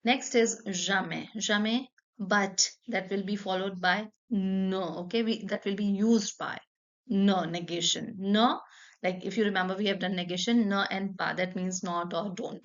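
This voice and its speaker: Woman, French teacher, patient step-by-step explanations, gravelly edge, slightly dull sound. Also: mid-range voice. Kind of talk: online language lesson.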